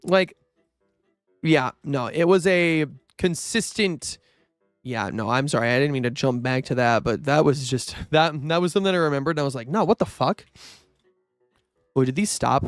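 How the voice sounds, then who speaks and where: A man's voice: mid-range voice, moderate pace, clean tone, no room sound, clean studio sound, soft background music. A young man chatting casually while streaming a game, rambling with lots of fillers and casual swearing. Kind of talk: casual gaming livestream chat.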